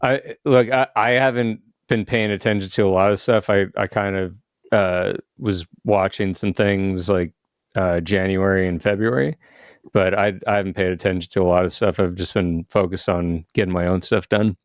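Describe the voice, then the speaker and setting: A man's voice: deep voice, fairly even intonation, moderate pace, clear, resonant tone, no echo, studio quality. A man co-hosting a podcast in casual chat, hesitant, with many restarts and fillers. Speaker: podcast co-host.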